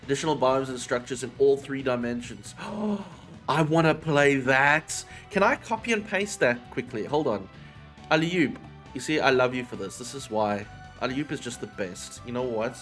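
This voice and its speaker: A man's voice: medium pitch, normal speed, soft background music. A man chatting casually with his chat audience on a livestream. He swears freely and drifts between topics.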